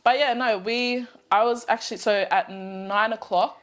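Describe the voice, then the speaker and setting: A young woman co-hosting a podcast, telling a personal story in casual chat; animated, she laughs often and acts out the voices of the people she quotes. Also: on the high side, moderate pace. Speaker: podcast co-host.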